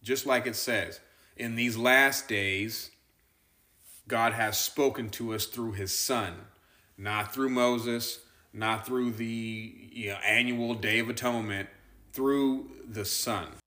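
Slow, emphatic man preaching. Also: mid-range voice, steady tone, bright, forceful tone. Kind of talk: sermon.

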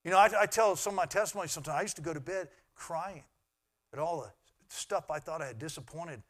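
A middle-aged man, a pastor, preaching a sermon in an earnest way that swings from loud to hushed. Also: fairly high pitch, quick pace.

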